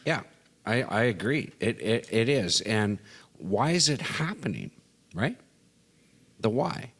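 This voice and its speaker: A Canadian man with a fairly low voice talks through a casual discussion, agreeable and quick to affirm his co-host, often stumbling and restarting. The room adds a long, trailing reverb. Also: very animated, a bit bright, slightly rough. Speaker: podcast co-host.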